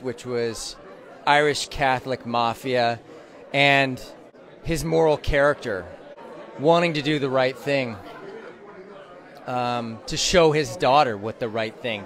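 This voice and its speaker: An actor answers outdoors at an event, reflective and halting. His voice sits at a middle pitch. A faint crowd murmurs behind him. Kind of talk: interview answers.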